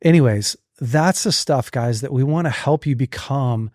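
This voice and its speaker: A man hosting a podcast in casual chat, telling stories and acting out inner thoughts in lively bursts. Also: mid-range voice, moderate pace, dry recording, studio quality. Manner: animated, acts out inner thoughts. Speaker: podcast host.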